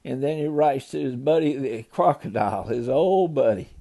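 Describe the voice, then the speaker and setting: A man's voice: medium pitch, moderate pace, vocal fry, warm tone. An older man, a grandfather, loosely retelling a children's story to a grandchild, ad-libbing with small slips.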